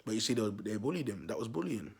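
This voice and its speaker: A man's voice: on the low side, big pitch swings, fast, vocal fry, darkish tone, breathy edge. A man, a vlogger telling a neighbourhood story to his viewers in a slangy, repetitive way.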